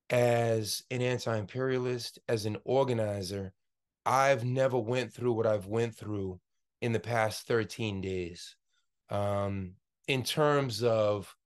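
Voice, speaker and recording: A man in his forties teaches an online class over a video call, speaking into a computer mic. His clean, mid-range voice is impassioned and rambling, with many fillers and restarts.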